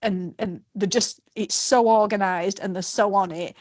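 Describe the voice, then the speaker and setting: A middle-aged woman, talking freely as a guest. She rambles and pokes fun at herself, and her voice sits at an ordinary middle pitch. The sound is dry and close, with no room around it. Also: fairly even intonation, normal speed, a little mellow, no room sound. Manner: chatty, rambling, self-deprecating. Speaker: guest, race participant. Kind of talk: casual interview chat.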